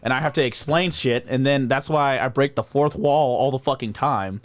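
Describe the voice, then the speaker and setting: A man appearing as a guest on a casual podcast, talking in a profane, joking, animated way. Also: mid-range voice, normal speed, no room sound. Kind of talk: casual chat.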